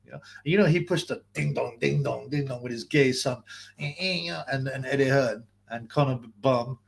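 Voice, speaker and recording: A man's voice: mid-range voice, moderate pace, vocal fry, husky. A man hosting a boxing channel, rambling and swearing through a casual live-stream rant. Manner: rambling, profane, restarts sentences often.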